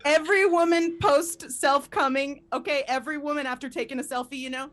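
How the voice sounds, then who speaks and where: Bright, animated woman doing stand-up. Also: sits high, fairly quick. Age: 30s. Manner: animated, laughs through her punchlines. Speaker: stand-up comedian. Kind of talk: live stand-up set.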